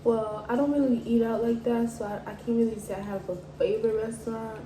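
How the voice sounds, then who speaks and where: A woman's voice: on the high side, brisk. A woman in a casual chat while eating on camera, explaining things step by step with lots of "like"s. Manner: relaxed, explains step by step with many "like"s. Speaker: mukbang co-host. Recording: echoey room, mic at a distance, faint background hiss.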